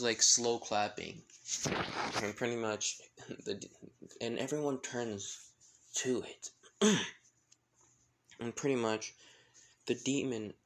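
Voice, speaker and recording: Rambling male storyteller with creaky voice. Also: medium pitch, a bit bright, a little hiss or hum. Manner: rambling, many fillers and self-corrections. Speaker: fan fiction storyteller. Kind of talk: casual improvised story narration.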